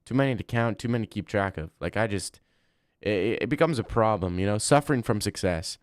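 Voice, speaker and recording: A young man livestreaming and chatting casually, reading chat and answering with crude, deadpan banter. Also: on the low side, a little fast, dry recording, studio quality.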